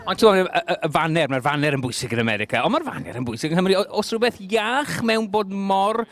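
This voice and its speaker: Welsh man, high voice, fast talker, hosting a street chat and mixing two languages. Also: animated. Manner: switches between Welsh and English mid-sentence. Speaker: host. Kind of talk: bilingual street discussion.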